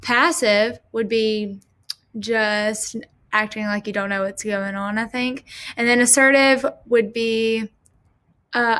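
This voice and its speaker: A woman with a slightly high voice works through a class assignment, reading each scenario aloud and then explaining it. She talks casually, with plenty of fillers. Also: steady tone, slow, fairly bright tone, clean tone. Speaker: student presenting a class assignment.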